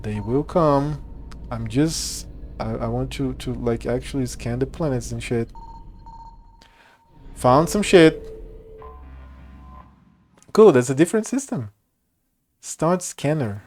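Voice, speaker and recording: A man's voice: medium pitch, lively intonation, slow pace, long pauses, a little mellow. A man casually chatting and rambling while streaming a game, laughing and swearing often. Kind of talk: casual gameplay commentary.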